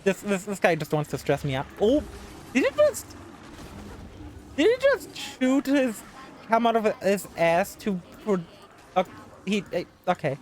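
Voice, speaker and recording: A woman's voice: mid-range voice, big pitch swings, unhurried, long pauses, darkish tone, slight background noise. A woman streaming live gameplay, talking to the game's characters in exasperation and swearing freely. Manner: exasperated, talks to the game characters.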